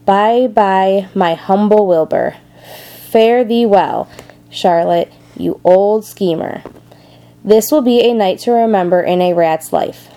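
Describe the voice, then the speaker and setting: A woman voicing a sneering, greedy male rat in a storybook reading, in a mellow voice. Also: medium pitch, takes it slowly, clear, resonant tone.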